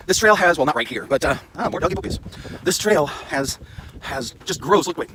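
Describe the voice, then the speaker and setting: A man's voice: on the high side, animated, moderate pace. A man vlogging while walking a hiking trail, chatting casually and joking at his own expense into a handheld camera. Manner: joking, rambling, self-mocking. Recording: outdoor wind and traffic noise.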